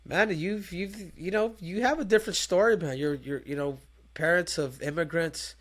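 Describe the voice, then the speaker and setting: A middle-aged man co-hosts a casual fight chat show with a somewhat high voice. He feels his way through his questions, stopping and restarting as he goes. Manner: halting, searching questions with restarts. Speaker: podcast co-host.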